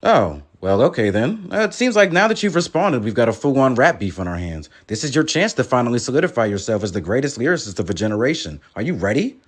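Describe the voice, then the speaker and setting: A man's voice: medium pitch, very animated, quick pace, hardly any pauses, pitched below the performer's own voice. A man playing a pushy male interviewer who needles his guests with leading questions. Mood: probing. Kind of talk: comedy sketch.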